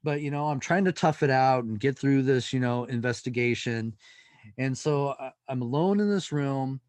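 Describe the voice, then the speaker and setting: In his mid-range voice, a paranormal investigator being interviewed animatedly recounts a tale and performs the lines of its characters. He talks at normal speed, and there's no echo.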